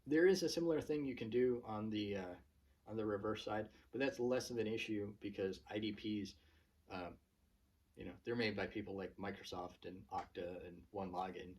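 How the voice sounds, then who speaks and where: A man hosting his own channel, talking casually to camera in a relaxed rant full of fillers and restarts. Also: lowish voice, normal speed, breathy edge, distant mic. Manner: chatty, many fillers and restarts. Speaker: channel host.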